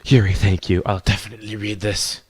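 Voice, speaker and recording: A man hosting a game channel, reading through a visual novel in a casual, jokey way, with a hoarse voice. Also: fairly low pitch, flat delivery, a little fast, a little mellow, dry recording. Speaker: gaming channel host. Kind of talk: visual novel let's play narration.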